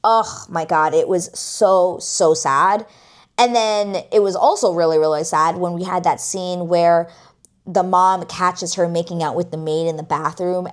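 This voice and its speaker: A woman reviewing a TV series in casual chat, gushing and expressive, swearing freely and acting out the characters' lines. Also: fairly low pitch. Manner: gushing, expressive, profane, acts out quotes. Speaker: TV review vlogger.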